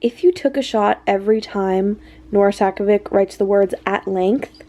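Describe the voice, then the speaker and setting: A woman's voice: medium pitch, moderate pace, mellow. A young woman vlogging about a book she is reading, gushing and flustered, talking straight into her camera and filling her sentences with "like". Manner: gushing and flustered, heavy use of "like". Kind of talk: excited casual book chat. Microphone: camera mic.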